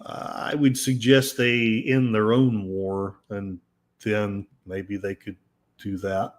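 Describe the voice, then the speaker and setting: A man's voice: on the low side, little pitch movement, takes it slowly. A man hosting a podcast, reading news articles aloud with sarcastic, rambling asides. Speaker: podcast host. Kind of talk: casual commentary while reading news aloud.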